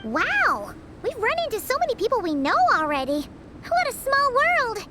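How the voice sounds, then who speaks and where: A cheerful high-voiced traveler. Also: female voice, huge pitch swings, normal speed, very noisy, exaggerated voice. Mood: friendly. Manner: friendly, chatty.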